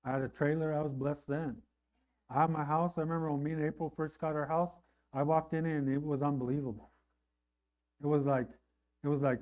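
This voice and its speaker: A middle-aged man preaching a sermon in a conversational way, often asking "right?" and rising in pitch and volume on emphatic lines. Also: fairly even intonation, fairly quick, darkish tone. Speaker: pastor.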